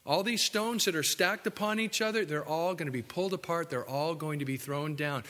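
A man preaching a sermon as pastor, animated and joking with his congregation. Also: medium pitch, normal speed, long reverb tail. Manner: animated, acts out quotes, jokes with the congregation. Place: church building.

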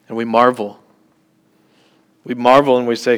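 Male preacher, unhurried delivery, chatty sermon style, peppers his teaching with light jokes and "okay?" checks. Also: mid-range voice, level tone, clear, resonant tone. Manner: conversational, with joking asides and frequent "okay?" check-ins.

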